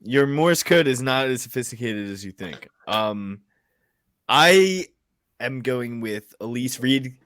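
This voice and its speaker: A man's voice: medium pitch, expressive, takes it slowly, a bit bright, slight background noise. A man co-hosting a casual podcast, rambling with many fillers and giggling. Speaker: podcast co-host.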